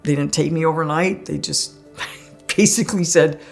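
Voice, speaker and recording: A woman with a low, gravelly voice talks at a moderate pace over soft background music. She's a guest recounting her own near-death experience, telling it conversationally and laughing often as she goes.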